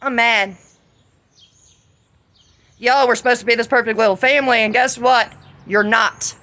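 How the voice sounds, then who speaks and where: A middle-aged woman with a Southern US accent, venting in a profane, confrontational vlog monologue that rises to shouts. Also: a little high, steady tone, moderate pace. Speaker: vlogger.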